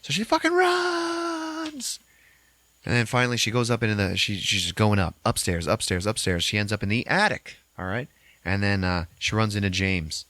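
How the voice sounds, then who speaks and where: A man hosting a podcast, recapping a movie in a casual, animated way with constant swearing. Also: fairly low pitch, fairly quick, no room sound. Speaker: podcast host.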